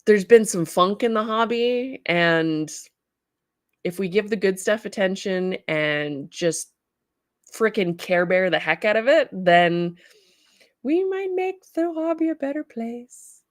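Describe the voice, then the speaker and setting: A woman with a Canadian accent, hosting a casual livestream, bubbly and quick to laugh as she chats with viewers. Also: mid-range voice, animated, no echo, clean studio sound. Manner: bubbly, reads chat comments aloud and laughs often. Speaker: livestream host, studio owner.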